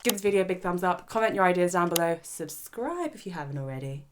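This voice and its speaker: A woman hosting her own commentary channel, talking in an animated, emphatic and argumentative way. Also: on the low side, fast, a little hiss or hum. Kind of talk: opinion commentary vlog.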